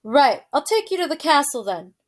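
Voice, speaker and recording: A woman's voice: high voice, very animated, voice pushed up. Woman reading as a stern, dutiful king's soldier. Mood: loud, patient. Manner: formal, loud, deliberate.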